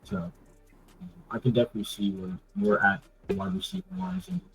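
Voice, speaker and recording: A man's voice: medium pitch, very animated, brisk, vocal fry, breathy edge, soft background music, low-quality recording. A man hosting a casual sports talk show, loose and rambling with many fillers. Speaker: podcast host.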